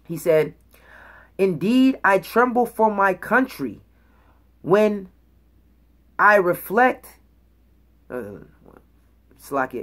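Woman, bible teacher, emphatic preaching, reads verses aloud, asks "okay?" often, average pitch. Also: sing-song, slow, long pauses, fairly bright tone. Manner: emphatic, checks in with "okay?" and "all right?"; reads scripture aloud and explains words.

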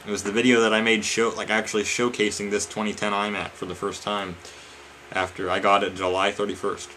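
A man's voice: on the low side, little pitch movement, brisk, sharp tone, a little hiss or hum. A man ranting casually to his viewers, exasperated and swearing often, calling them guys and man. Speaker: vlogger.

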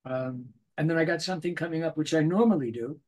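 A man's voice: a little high, fast. An older man, a voice actor guest, chatting in an interview and acting out little voices as he tells stories. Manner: animated storyteller, acts out little voices in anecdotes. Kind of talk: casual interview.

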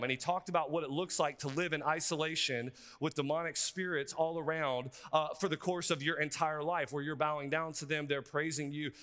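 Guy preaching, high bright voice, lively and chatty, big hall echo. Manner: energetic, conversational preaching with frequent asides. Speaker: pastor. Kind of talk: sermon. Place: seminary chapel. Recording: reverberant hall.

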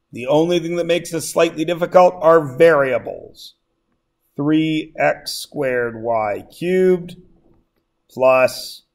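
A male math teacher lecturing a class, joking and often checking that everyone follows. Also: on the high side. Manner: jokey, keeps checking in with the class.

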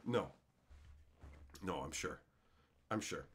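A man's voice: mid-range voice, wildly swooping pitch, drawn-out words, long pauses, bright, forceful tone. A man in his thirties hosting a live stream, ranting at his chat with crude, mock-angry banter. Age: 30s. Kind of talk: live stream chat while opening card packs.

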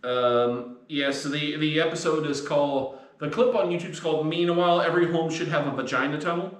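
A man's voice: fairly high pitch, a little fast. A man hosting a casual beer podcast, rambling and crude with lots of fillers. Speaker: podcast host. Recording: echoey room.

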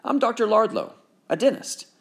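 A man's voice: sits high, animated, normal speed, fairly bright tone, slightly rough, voice pushed up, heavily acted. A man voicing a kind, friendly male dentist who talks in a coaxing, salesman-like way.

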